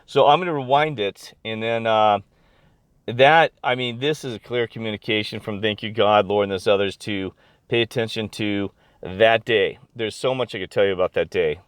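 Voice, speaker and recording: A middle-aged man chatting casually to camera, rambling and excitable with lots of fillers and restarts. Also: fairly low pitch, moderate pace, clear, resonant tone, dry recording. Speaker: video blogger. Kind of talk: casual chat.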